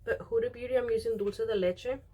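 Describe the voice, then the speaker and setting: A woman's voice: on the high side, steady tone, fast talker, mellow, husky. A young woman vlogger talking casually as she does her makeup, rambling with lots of fillers and retelling what others said. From Mexican. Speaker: beauty vlogger. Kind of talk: casual chat while doing makeup.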